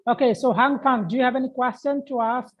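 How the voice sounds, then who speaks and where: A woman hosting a live stream, reading viewer comments haltingly with many fillers. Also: sits high. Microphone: video call. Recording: dull video-call audio.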